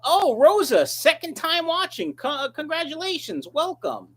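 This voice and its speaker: A man chatting casually on a live stream, reading out viewer comments and riffing on them with jokes at his own expense. His pitch swings around a lot as he talks, rambling from one remark to the next. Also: wildly swooping pitch, moderate pace, fairly bright tone. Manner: joking, rambling, self-mocking. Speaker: fish breeder hosting a live stream.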